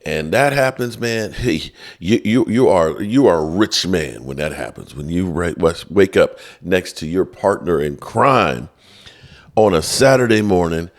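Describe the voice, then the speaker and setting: Deep-voiced man hosting a sports show. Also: unhurried. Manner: animated, chatty, talks straight to viewers. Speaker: sports podcast host. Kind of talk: casual opinionated sports commentary.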